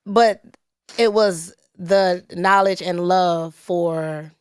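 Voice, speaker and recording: A woman's voice: on the low side, steady tone, extremely slow, darkish tone, smooth, dry recording, studio quality. A woman hosting an interview, upbeat and encouraging with the guest. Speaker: interview host. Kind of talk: casual interview talk.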